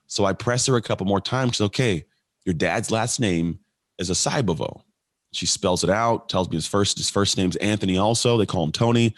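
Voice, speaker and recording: A man in his late thirties from California, a podcast guest telling his life story in an animated way and acting out the voices of people he quotes. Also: sits low, brisk, no room sound, clean studio sound. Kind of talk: storytelling in an interview.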